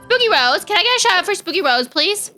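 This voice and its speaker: A young woman chats with viewers during a live stream, greeting people and riffing on whatever chat brings up. Her voice is high and bright, and her pitch jumps around a lot. Faint music plays under her talk. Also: very animated, quick pace. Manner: bubbly, chatty, reads out chat and greets viewers. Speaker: VTuber streamer.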